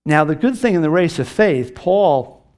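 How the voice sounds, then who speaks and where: A man's voice: on the high side, lively intonation, normal speed, a little mellow. A middle-aged man preaching a sermon as pastor, earnest and emphatic, lifting his voice on key phrases.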